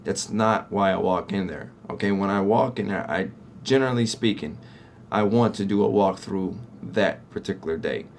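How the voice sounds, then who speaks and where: A deep-voiced man talks at normal speed, with a little noise behind him. Running a cleaning company himself, he chats with viewers about securing contracts, teaching sales to other owners and often asking "right?".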